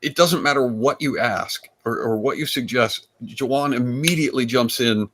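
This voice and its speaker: A man, a comedian guest, telling stories in a rambling, animated way with frequent restarts. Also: medium pitch, normal speed, a little hiss or hum. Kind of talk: casual storytelling chat.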